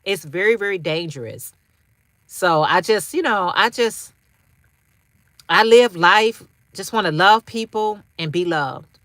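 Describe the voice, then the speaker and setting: A woman's voice: medium pitch, animated, measured pace, a bit bright, no echo, clean studio sound. A woman hosting a casual livestream, talking straight to viewers, repeating phrases for emphasis with slangy asides. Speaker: livestream host.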